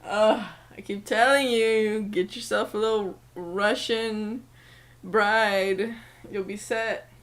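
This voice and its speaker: A woman's voice: medium pitch, fairly even intonation, takes it slowly. A woman co-hosting a podcast in casual chat, teasing and amused. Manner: teasing and amused, laughs often. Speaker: podcast co-host.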